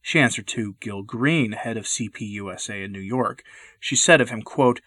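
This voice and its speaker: A man giving earnest, measured scripted commentary, stressing key words as he reads. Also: on the low side, fairly bright tone, no echo.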